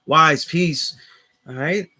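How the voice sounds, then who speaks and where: A man with a New York accent talks loosely to his viewers, leaning again and again on "you know what I'm saying." His voice sits a little high and sounds bright and forceful. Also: extremely slow. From New York area. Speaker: class instructor reading live chat. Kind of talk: casual livestream chat.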